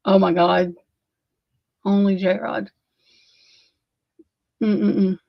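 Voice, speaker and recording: A woman's voice: medium pitch, fairly even intonation, extremely slow, creaky, no echo, lo-fi sound. A woman hosting a casual true crime livestream, sleepy and yawning, rambling and swearing in exasperation as she talks to her chat. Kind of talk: casual live commentary.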